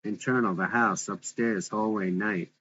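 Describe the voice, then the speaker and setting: A man's voice: fairly low pitch, steady tone, measured pace, sharp tone, muffled recording. A man reading a script aloud with its stage directions, in a plain, matter-of-fact way.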